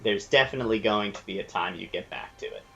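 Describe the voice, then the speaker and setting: A man's voice: fairly low pitch, quick pace, vocal fry, sharp tone, dull audio. A man hosting a gameplay video, chatting casually and explaining the game's mechanics as he thinks aloud. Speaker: let's play host.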